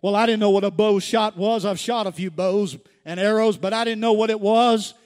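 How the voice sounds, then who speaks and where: A man preaching a sermon as pastor, calling out to the congregation and rising to shouts. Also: high-pitched, steady tone, moderate pace. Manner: calls to the congregation, builds to shouts. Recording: church hall with long reverb.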